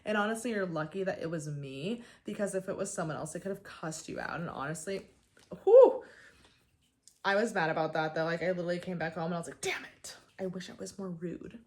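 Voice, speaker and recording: A woman's voice: on the low side, fast talker, hardly any pauses. A young adult woman hosting her own show, telling a story in an exasperated, chatty way with lots of fillers. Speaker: host. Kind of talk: casual comedic rant to camera.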